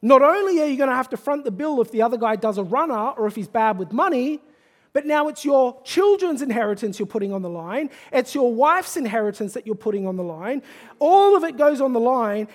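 A man's voice: extremely high pitch, expressive, brisk. A man voicing a stern father who scolds his reckless son in disbelief, as part of a sermon. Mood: scolding. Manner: incredulous, scolding. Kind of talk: sermon role-play.

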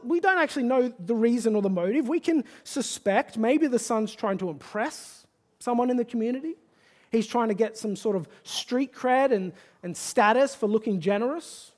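A male pastor preaching a sermon. He talks conversationally and rises to an emphatic, pleading exhortation. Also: very high-pitched.

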